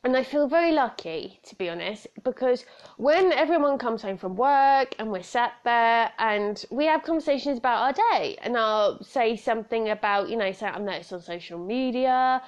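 A woman's voice: on the high side, lively intonation, moderate pace. A British woman in her thirties hosting a solo podcast, chatty and rambling, often breaking into laughter. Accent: British English. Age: 30s. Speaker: podcast host. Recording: slightly dull lo-fi sound.

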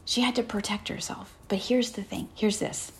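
A woman in the middle of a sermon, speaking in an earnest, conversational way. Her pitch sits at an ordinary middle level for a woman. She keeps checking in with her listeners, tossing out "right?" as she goes. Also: steady tone, moderate pace, gravelly. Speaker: preacher.

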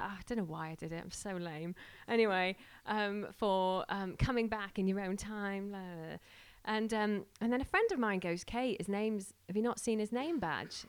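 A woman's voice: mid-range voice, a bit bright. A woman who is starting a church tells a casual, laughing story and acts out the voices of the people in it. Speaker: church planter sharing a story.

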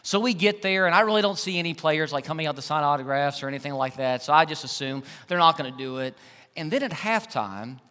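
A pastor delivers a sermon in a high, bright and forceful voice, telling his story with lively emphasis. He drops to a near hush for weight, then swells again. The sound carries a long reverb from a large church hall. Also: fast talker. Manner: animated, emphatic storyteller who swings between loud and hushed.

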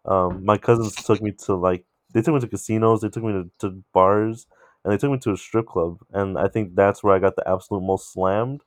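A man's voice: lowish voice, fairly quick, dry recording, studio quality. Young man telling a rambling story. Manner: animated, rambling, swears freely. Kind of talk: casual storytelling chat.

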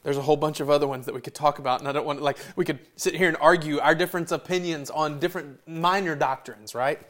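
A man's voice: a little high, steady tone, fast, a bit bright. A middle-aged man preaching a sermon in a loose, conversational way with rambling asides. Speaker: pastor.

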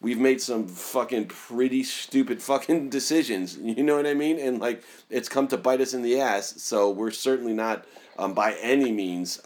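A podcast host from the United States talks casually, halting and restarting often. His voice sits somewhat low. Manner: halting, many restarts and fillers. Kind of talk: casual chat.

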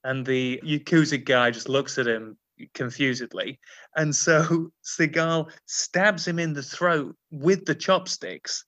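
A man hosting a comedy podcast, reading out quotes and acting out silly movie lines in a quick, joking way. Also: a little high, fairly even intonation, fairly bright tone. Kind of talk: comedic casual chat.

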